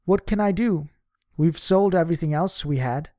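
A man's voice: a little high, moderate pace, no echo, studio quality, close to an everyday voice. A man reading the lines of a young girl who sells cigarettes on the street, in a direct, plain-spoken way. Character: young street girl selling cigarettes, frank and hard-pressed.

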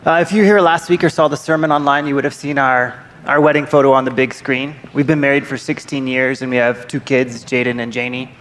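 A man sharing his testimony from a church stage, friendly and steady, with a light touch of humor. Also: medium pitch, fairly quick, hardly any pauses, slight background noise. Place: church sanctuary. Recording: long reverb of a large hall.

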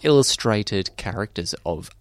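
A man's voice: fairly low pitch, animated, a little slow, dry recording. An Australian man co-hosting a podcast, joking dryly with frequent hesitations. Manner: dry, joking, hesitant with ums. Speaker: podcast co-host. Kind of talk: casual chat.

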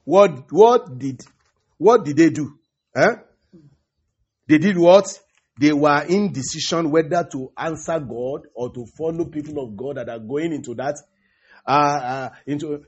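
A man preaching a sermon, halting and repeating words, breaking in with hallelujahs and praise the Lords. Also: a little high, a little mellow, breathy edge. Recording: dull lo-fi recording.

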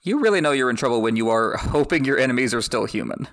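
Man, podcast host, recapping a chapter, wry jokes, mid pitch, gravelly creak. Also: expressive, fast, a bit bright. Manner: wry, joking asides. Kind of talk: chapter recap with read excerpts.

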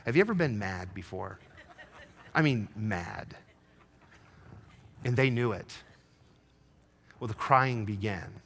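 Bright-voiced preaching man. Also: fairly low pitch, lively intonation, takes it slowly, long pauses. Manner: swings from hushed confession to rising fervent preaching. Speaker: pastor. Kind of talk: sermon with personal story.

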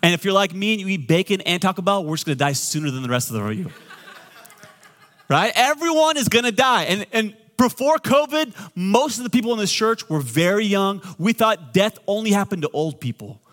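A middle-aged man, a pastor, preaching a sermon with joking asides, swinging between loud and quiet. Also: high voice, big pitch swings, brisk.

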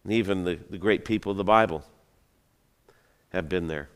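A man's voice: low voice, moderate pace, clear, resonant tone. A man preaching a sermon, retelling a story in a conversational, dramatic way with joking asides. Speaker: pastor. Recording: long hall reverb.

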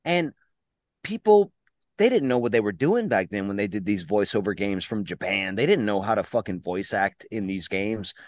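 A man co-hosting a podcast in casual chat, excitable and swearing freely. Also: on the low side, moderate pace, no room sound, clean studio sound. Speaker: podcast co-host.

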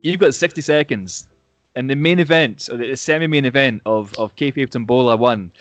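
A man's voice: mid-range voice, fairly quick, no room sound, faint music behind. Laid-back rambling podcast co-host man. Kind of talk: casual chat.

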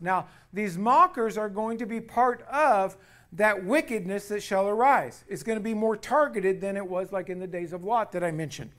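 A man's voice: high-pitched, moderate pace. A man preaching a sermon, reading scripture with emphasis and retelling a story with many fillers. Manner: frequent fillers, swings from loud emphasis to quiet asides. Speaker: pastor.

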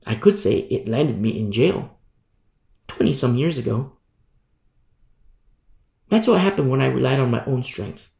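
Gravelly, animated male preacher. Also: medium pitch, reverberant. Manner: emphatic, animated, repeats scripture. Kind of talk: sermon.

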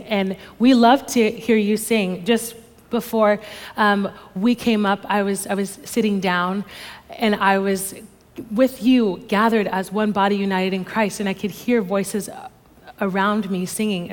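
A female pastor reading scripture verses in a measured way during a church sermon. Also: mid-range voice, fairly even intonation. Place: church sanctuary on stage. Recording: long reverb of a large hall.

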